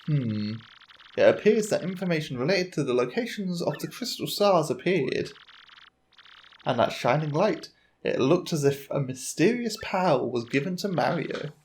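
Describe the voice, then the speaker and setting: A man voicing an excitable old professor, reading game lines in a slow, awed way. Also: fairly high pitch, slight background noise. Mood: pondering.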